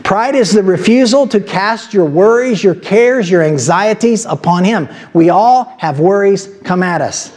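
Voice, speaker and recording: Guy preaching in church, pretty high voice, gets loud and emphatic when he pushes a point. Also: measured pace, few pauses. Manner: preacherly, rising to emphatic exhortation. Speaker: pastor. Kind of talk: sermon. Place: church sanctuary.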